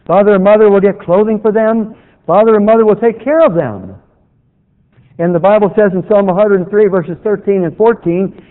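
A man preaching a sermon, quoting scripture in a slow, measured cadence. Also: high voice. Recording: tinny phone-like sound with long reverb.

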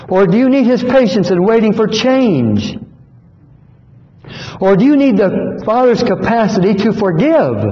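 A man preaching a sermon in a church hall, earnest and pleading, repeating phrases for emphasis. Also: high-pitched. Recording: dull echoey hall recording.

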